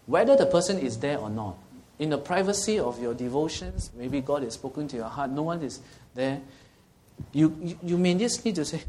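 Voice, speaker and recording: A man's voice: a little high, lively intonation, moderate pace, darkish tone, a little hiss or hum. A man preaching a sermon, earnestly teaching and asking his listeners questions. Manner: earnest and teaching, asks the audience questions, often checks with "okay?".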